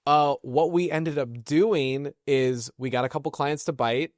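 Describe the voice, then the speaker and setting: A man's voice: a little high, unhurried, dry recording, clean studio sound. A man co-hosting a podcast, telling business stories in casual chat and laughing between points. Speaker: podcast co-host.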